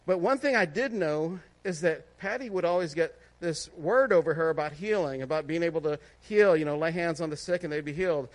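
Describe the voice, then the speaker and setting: A man with a notably high speaking voice delivers a testimony sermon. He talks casually and warmly, laughing now and then and asking listeners "right?" to keep them with him. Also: brisk, few pauses. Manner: conversational, laughs often, asks listeners "right?". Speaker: preacher sharing a testimony.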